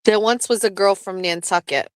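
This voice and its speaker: On a dry recording, a woman with a mid-range voice speaks at a moderate pace while hosting a show. Hailing from southeastern Massachusetts, she's lively and rambling, cursing freely and frequently laughing.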